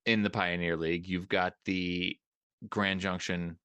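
A man's voice: sits low, level tone, unhurried, a bit bright, smooth, dry recording. A man hosting a casual podcast interview, joking around and often repeating words as he talks. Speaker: podcast host.

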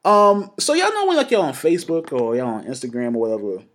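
A young man co-hosting a casual podcast chat, telling a story with lots of laughter and animated energy. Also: on the high side, fast. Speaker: podcast co-host.

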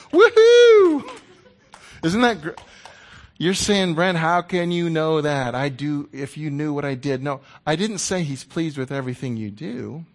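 Man preaching a relaxed conversational sermon. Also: fairly high pitch, normal speed, few pauses. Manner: conversational, playful, drops to a hushed voice when quoting God.

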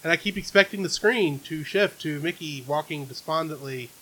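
A man co-hosting a casual review chat, talking in a wry, animated way. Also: on the high side, normal speed. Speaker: podcast co-host.

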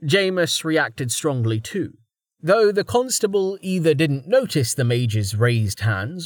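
A man narrating a fantasy novel in a measured, even storytelling manner. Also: a little high, no room sound, studio quality. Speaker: audiobook narrator.

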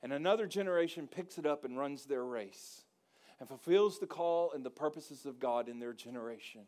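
A man's voice: mid-range voice, moderate pace. A male pastor preaching a sermon, folksy and joking, calling for responses from the congregation. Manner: rising to loud emphatic preaching with call-and-response.

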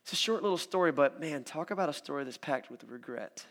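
Guy preaching, kinda casual and lively, tells the story like he's chatting, voice a bit on the high side. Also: quick pace. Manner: conversational, animated storytelling with acted quotes. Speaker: pastor. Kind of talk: sermon.

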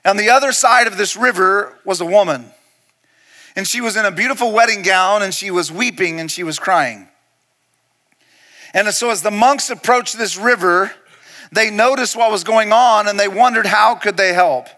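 A man preaching a sermon to a church hall, telling a story and often dropping into a soft, intense hush for emphasis. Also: sits high, moderate pace. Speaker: pastor.

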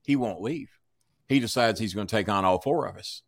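As a podcast guest, a man relates a long story in profane, animated fashion, acting out every character's lines. His voice is on the low side, creaky and a little fast, with no room sound.

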